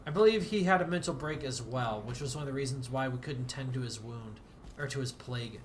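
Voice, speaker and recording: A man streams a game and chats in a rambling, easygoing way, his mid-range voice moving a little fast against slight background noise. He runs himself down jokingly and erupts at times in pretend outrage, the way casual livestream commentary often goes.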